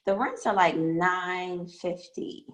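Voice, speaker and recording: On a casual online training call over video, a woman with a morning voice hesitantly asks for advice, rambling and using plenty of fillers. Her voice is on the low side, slow and a bit bright, and the audio is poor.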